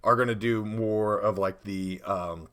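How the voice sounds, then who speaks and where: A man's voice: lowish voice, fairly even intonation, a little slow, fairly bright tone. A man co-hosting a casual chat about tabletop game prep, rambling and laid-back. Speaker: podcast co-host.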